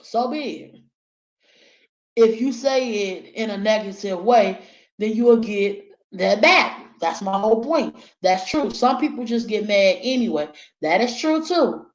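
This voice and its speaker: A woman's voice: medium pitch, expressive, unhurried, reverberant, low-quality recording. A woman chatting casually to her viewers, blunt and opinionated, swearing freely. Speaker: vlogger. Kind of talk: casual talk while eating, reading chat.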